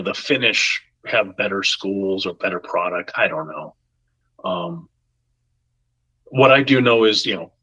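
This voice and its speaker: Animated man with a bright voice. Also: on the low side, husky, low-quality recording. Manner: animated, acts out quoted voices. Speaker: podcast guest. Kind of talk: casual storytelling.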